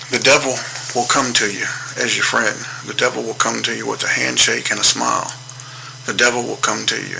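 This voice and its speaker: Gravelly guy, sharp bright voice, pretty flat, preachy storytelling about his past. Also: mid-range voice, a little hiss or hum, low-quality recording. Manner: earnest, preaching storyteller with repetitions and a slow, measured delivery. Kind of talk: personal testimony monologue.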